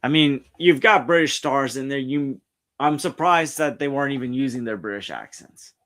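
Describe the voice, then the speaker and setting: Talking at a moderate pace, this streamer host has a medium-pitched, slightly bright voice picked up by a streaming mic. The New Yorker reads pop culture articles on air and wanders off, frequently starting over.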